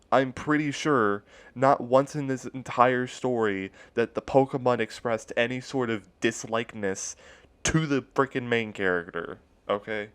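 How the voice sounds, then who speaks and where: A smooth, slightly bright, medium-pitched male voice, with no room sound, reads a creepypasta unhurriedly. The young reader voices each punctuation mark and drops in sarcastic asides, making it a casual reading with commentary.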